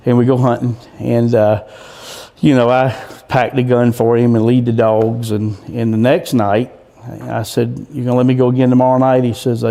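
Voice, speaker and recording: A man's voice: mid-range voice, warm tone. A man telling a rambling, folksy story as a guest in a casual interview, with frequent restarts. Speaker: guest, coon hunter.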